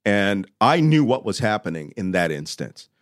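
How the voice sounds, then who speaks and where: Middle-aged man, low voice, dry close sound, vivid storytelling. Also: sing-song, normal speed, no echo. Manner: vivid storytelling, shouts when reenacting. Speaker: guest telling a personal story. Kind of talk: animated storytelling.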